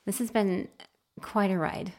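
Her voice sits at a medium pitch and moves a little slowly. As a podcast co-host, she trades casual talk with her spouse, an animated storyteller who laughs a lot.

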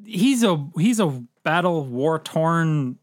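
A man's voice: fairly high pitch, animated, slow pace. A man in casual chat, laid-back and dropping joking asides.

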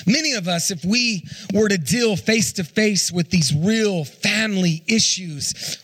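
A man in his thirties with a high, slightly bright voice that has a breathy edge preaches a sermon as a pastor. He frequently stumbles and repeats his words, and he puts questions to the congregation.

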